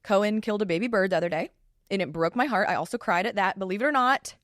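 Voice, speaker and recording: A woman, a family law attorney hosting her own podcast in a chatty, animated way. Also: medium pitch, no room sound, clean studio sound. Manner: chatty and animated, with lively asides. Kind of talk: casual solo podcast talk.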